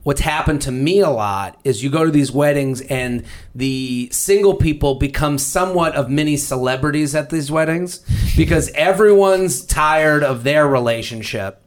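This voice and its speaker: A man's voice: fairly high pitch, moderate pace. A man hosting a podcast in casual comedic chat, rambling through stories and swearing freely. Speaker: podcast host.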